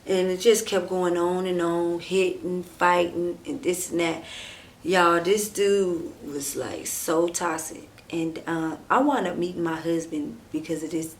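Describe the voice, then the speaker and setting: A woman telling a personal story on her vlog, talking straight to her viewers with lots of "like" and "and stuff", acting out what people said and dropping to a hushed near-whisper at tense moments. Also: lowish voice, slight background noise. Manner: animated, talks straight to viewers and acts out quoted dialogue; drawn-out fillers and frequent "like", "and stuff". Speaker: storytime vlogger. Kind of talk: casual storytime chat.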